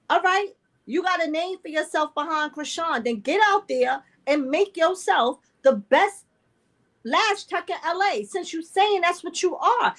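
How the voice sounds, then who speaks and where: A woman's voice: high-pitched, fairly bright tone, poor audio. A woman with a Brooklyn accent co-hosting a casual chat, blunt and slangy. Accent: Brooklyn, New York. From New York.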